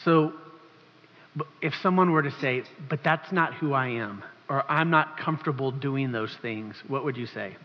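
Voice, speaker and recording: A man's voice: mid-range voice, moderate pace, big-room sound, dull audio, a little hiss or hum. A man, the pastor, putting brief questions to his wife during a church service. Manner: brief affirming interjections and questions.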